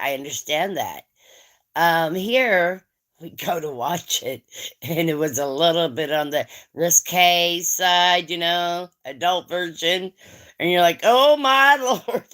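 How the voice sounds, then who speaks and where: Slow, low-voiced tired woman chatting. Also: a bit bright. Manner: blunt, chatty, talks straight to the audience. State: tired, yawning. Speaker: livestream host. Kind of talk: casual chat with viewers.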